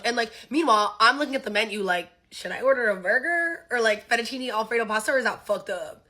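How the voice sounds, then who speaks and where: Young woman, fast, bright voice, casual storytime, animated, laughs a lot. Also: on the high side. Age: young adult. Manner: animated, laughing, acts out dialogue.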